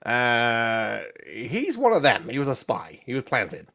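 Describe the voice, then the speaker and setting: A man voicing an excitable male friend of the adventuring party, who talks eagerly but falters with fillers. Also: mid-range voice, takes it slowly, heavily acted. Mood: rattled.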